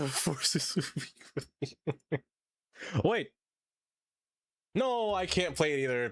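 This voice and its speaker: A man's voice: on the low side, big pitch swings, measured pace, pauses often, a bit bright, dry recording. A man live-streaming, chatting casually with his viewers and pets, laughing often and rambling. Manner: giggly, rambling, talks to chat and pets.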